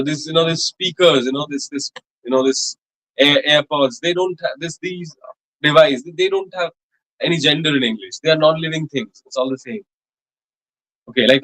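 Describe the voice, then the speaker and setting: A man teaching a French grammar lesson in a college classroom, explaining slowly with many fillers and repeated examples. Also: fairly high pitch, fairly bright tone, low-quality recording. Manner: repetitive, many fillers and restarts, slow spelled-out examples. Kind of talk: classroom lecture.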